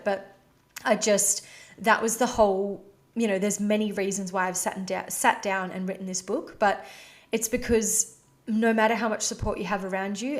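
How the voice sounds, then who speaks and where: A woman hosting her own podcast, talking candidly and emotionally in a casual, heartfelt way, with "you know" and "like" scattered through her speech. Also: mid-range voice. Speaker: podcast host. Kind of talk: personal confessional podcast talk.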